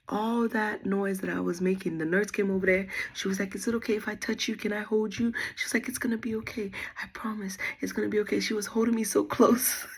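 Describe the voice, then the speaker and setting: Young woman vlogging, low husky voice, chatty story w quoted bits. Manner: chatty, animated retelling with quoted dialogue. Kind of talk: casual storytelling to viewers.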